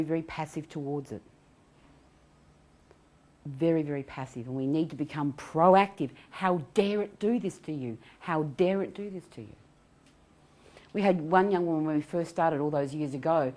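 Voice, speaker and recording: A middle-aged woman giving an animated self-help talk on anxiety recovery. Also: deep voice. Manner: animated, acts out quoted voices, laughs often.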